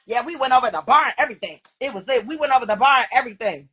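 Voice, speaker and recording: A woman speaking in a reality show confessional, loud, profane and excitable. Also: high-pitched, rapid-fire, husky. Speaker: reality show cast member. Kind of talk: confessional interview.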